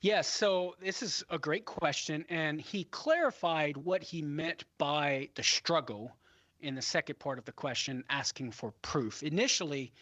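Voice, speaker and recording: Bright-voiced man explaining on radio. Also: fairly high pitch, no room sound. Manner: measured and explanatory. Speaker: guest expert on a radio show. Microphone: studio microphone.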